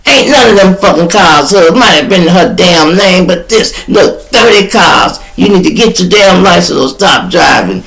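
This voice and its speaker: A man's voice: sits high, animated, normal speed, gravelly, few pauses, a bit bright, pitched above the performer's own voice, heavily acted, low-quality recording. A man voicing his older father, who scolds him bluntly and with swearing. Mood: scolding, exasperated. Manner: blunt, profane, exasperated.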